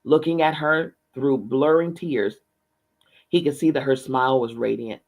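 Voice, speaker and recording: Man reading a novel aloud, measured. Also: medium pitch. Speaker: book reader.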